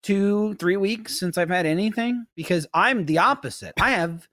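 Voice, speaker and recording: A man in his thirties chatting casually on a podcast, telling lively stories, swearing freely and mimicking his kid. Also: high voice, moderate pace, no room sound. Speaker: podcast host. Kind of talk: casual chat.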